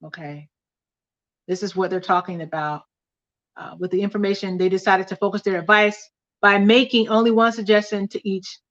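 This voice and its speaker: A woman's voice: mid-range voice, fairly even intonation, normal speed, a bit bright, muffled recording. A woman hosting a casual livestream study, teaching and reading aloud from a book, often repeating key points. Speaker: host of a couples study livestream.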